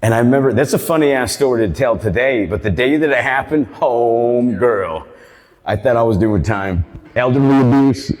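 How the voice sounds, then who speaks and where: A man's voice: medium pitch, brisk, a little mellow. A man telling a stand-up story in a barbershop, rambling and profane. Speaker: stand-up comedian. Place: barbershop comedy show. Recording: long reverb of a live room.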